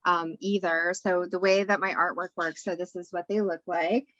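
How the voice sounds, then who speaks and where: A woman's voice: fairly low pitch, level tone, normal speed, a bit bright, dull audio. A woman guest on a podcast giving a spiritual wellness talk, in a coaching tone that keeps checking in with "right?". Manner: repetitive, coaching tone with frequent "right?".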